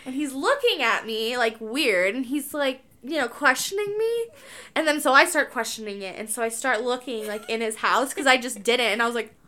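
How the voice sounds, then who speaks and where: Bright-voiced young woman storyteller. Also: on the high side, normal speed. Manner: animated, filler-heavy storytelling with lots of "like". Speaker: podcast co-host. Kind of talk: casual chat, storytelling.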